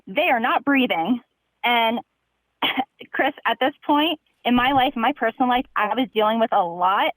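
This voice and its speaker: A young woman calling in to a podcast, telling a long story in an animated, chatty way with plenty of fillers. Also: a little high, no echo, rough recording. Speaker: caller. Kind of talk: casual storytelling.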